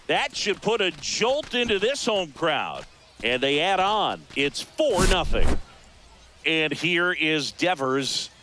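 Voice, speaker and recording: Video game baseball play-by-play voice, slightly high and very animated, recorded under steady background noise. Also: male voice, takes it slowly, full character voice. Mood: lively. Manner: crisp, excitable calls of each pitch. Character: energetic male baseball play-by-play announcer. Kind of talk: scripted video game commentary.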